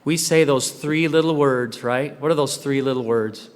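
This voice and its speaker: A man giving a humorous devotional talk to young people, full of rhetorical questions and playful asides. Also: mid-range voice. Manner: joking asides, rhetorical questions, dramatic pauses. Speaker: church speaker. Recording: live talk in a large hall with long reverb.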